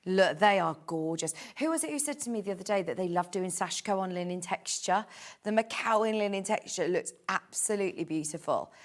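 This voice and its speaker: A woman's voice: lowish voice, lively intonation, fairly quick. A woman presenting on a live home shopping show, chatty and gushing as she reads out prices and product codes. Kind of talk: live TV sales pitch.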